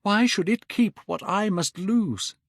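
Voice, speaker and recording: A man's voice: high-pitched, takes it slowly, no echo, studio quality, voice pushed up, exaggerated voice. A man voicing a beautiful, vain young man who pleads in anguish. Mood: bitter.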